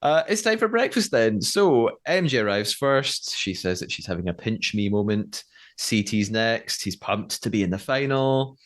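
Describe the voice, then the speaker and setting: A man's voice: on the low side, very animated, moderate pace. A man co-hosting a podcast, recapping a show in casual chat and laughing often. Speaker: podcast co-host.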